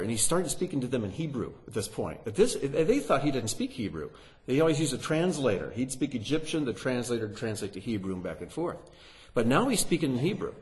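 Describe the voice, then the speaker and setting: A man's voice: mid-range voice, very animated, a little fast. Man teaching a Bible passage. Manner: reads scripture aloud with rising emphasis; asks the listeners rhetorical questions.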